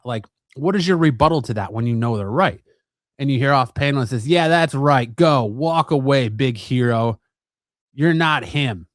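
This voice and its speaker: A man's voice: medium pitch, no echo. Man casually recapping a comic, dry sound. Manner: relaxed, rambling retelling with many fillers. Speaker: comic book review channel host.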